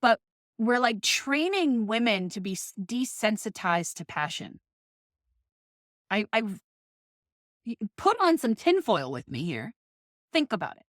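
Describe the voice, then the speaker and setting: A woman's voice: fairly high pitch, sing-song, measured pace, pauses often, dry recording, studio quality. A woman in her thirties talking in a casual, passionate monologue, swearing often and ranting with emphasis. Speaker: podcast host.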